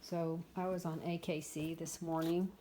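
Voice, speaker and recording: A woman in her fifties with a low, deep-set voice talks in a loose, chatty way, blunt and a little exasperated. A faint hiss sits under her talk. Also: level tone, moderate pace, dark tone. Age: 50s. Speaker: dog breeder. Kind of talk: casual vlog chat. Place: dog kennel.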